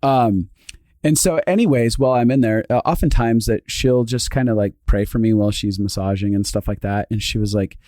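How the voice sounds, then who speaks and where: A man co-hosting a podcast, telling a rambling story in casual chat and repeating words as he gets excited. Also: lowish voice, a little fast, no room sound, clean studio sound. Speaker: podcast co-host.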